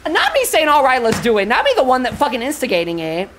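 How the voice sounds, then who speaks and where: A young woman streaming a horror game, chatting with sassy, profane slang and reading the game's lines aloud, going from low mumbles to sudden shrieks. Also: huge pitch swings, quick pace, a bit bright, a little hiss or hum. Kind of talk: casual live-stream commentary, reading game dialogue aloud.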